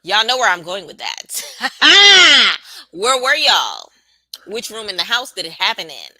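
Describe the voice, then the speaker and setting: A woman with runs a live reaction stream. She talks casually and sassily, answering her chat, in a very bright, forward voice. The sound is dry and close to the mic. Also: medium pitch, huge pitch swings, unhurried, no room sound. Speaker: live-stream show host.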